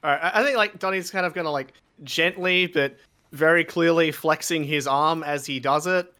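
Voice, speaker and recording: A man with a fairly high, bright voice chats loosely as a player in a tabletop game. He rambles through his character's moves with lots of fillers and easy laughs. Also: normal speed. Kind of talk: casual tabletop game chat.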